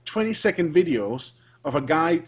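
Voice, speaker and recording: A man's voice: fairly high pitch, very animated, normal speed, breathy edge. A man talking as a guest on a casual gaming podcast, chatty, often repeating words as he starts his sentences. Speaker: guest, let's player.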